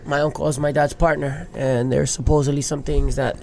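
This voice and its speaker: A man's voice: on the high side, flat delivery, a little fast, creaky, a little mellow, a little hiss or hum. A man in his thirties from Hawaii, a surfer guest telling his life story openly and emotionally, swearing casually. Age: 30s. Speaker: guest, big wave surfer. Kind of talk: candid podcast storytelling.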